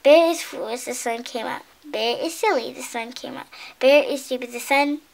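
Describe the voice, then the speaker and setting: A woman voicing an excitable, boastful little male squirrel in a storybook reading, with a chirpy sing-song manner. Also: high voice, normal speed, vocal fry, full character voice. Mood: gleeful teasing.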